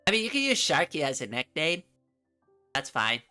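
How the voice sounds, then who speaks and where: A woman's voice: low voice, sing-song, normal speed, sharp tone, faint music behind. A middle-aged woman from New England chatting casually on a livestream from her room, rambling and laughing often. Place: home room.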